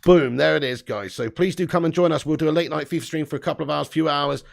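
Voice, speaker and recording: A man's voice: a little high, fast, vocal fry. A man hosting a casual live stream, reading out viewer comments and laughing often.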